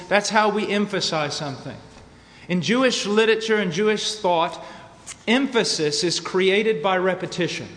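A man's voice: sits high, a bit bright. An American man preaching a sermon with emphatic repetition and a varying pace. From United States. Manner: emphatic, varies pace, repeats for stress. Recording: long hall reverb.

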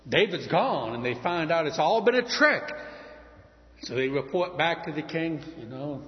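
A male preacher delivers his sermon as a story, with lively asides and a rising and falling voice that sits a little high. The recording is muffled, and a long reverb hangs in the large hall around him. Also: measured pace.

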